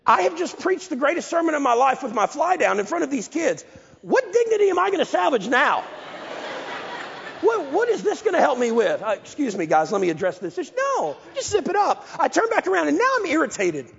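Give me a high, lively male preacher, gravelly, on a dull lo-fi hall recording. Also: brisk. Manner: animated, self-mocking storytelling. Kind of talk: storytelling sermon. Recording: lo-fi, echoey hall.

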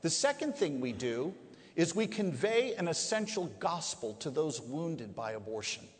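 Man, preacher, emphatic, rhetorical questions, lively rising and falling pitch, echoey hall. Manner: emphatic, rhetorical questions, drawn-out key words. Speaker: pro-life speaker. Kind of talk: preaching to a live audience. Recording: echoey hall, long reverb.

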